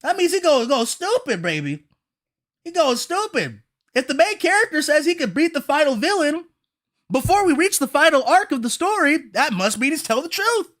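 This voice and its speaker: On a livestream, a woman reacts to a new manga chapter, chatting directly with viewers in an excitable way that can turn into frantic shouting. Her voice sits high, at a normal speed.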